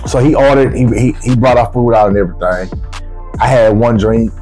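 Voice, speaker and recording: A man with features, casually telling a travel story as a vlogger, swearing freely and jumping up in pitch when he quotes himself. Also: fairly quick, soft background music. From United States. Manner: animated, profane, rises sharply when quoting himself.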